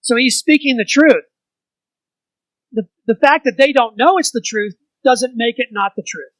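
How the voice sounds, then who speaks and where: A man's voice: very high-pitched, moderate pace, fairly bright tone, no echo, rough recording. A man leading an informal church Bible study, talking conversationally and putting questions to the group.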